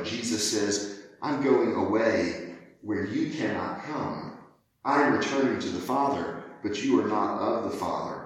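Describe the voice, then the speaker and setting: A man preaching a sermon earnestly and emphatically, acting out the quoted lines with drama. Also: medium pitch. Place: church sanctuary. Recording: very echoey church from far off.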